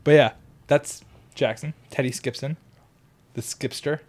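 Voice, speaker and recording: A man's voice: medium pitch, steady tone, measured pace. A young man hosting a podcast, laughing often and joking at his own expense. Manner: giggly, self-deprecating. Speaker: podcast host. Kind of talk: casual podcast chat.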